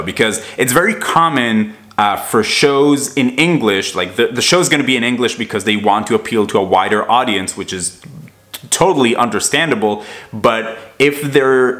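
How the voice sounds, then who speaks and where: A man's voice: medium pitch, a bit bright. Chatty man with an American accent. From Israel. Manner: chatty, rambling with many fillers. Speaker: TV show host. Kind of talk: casual chat.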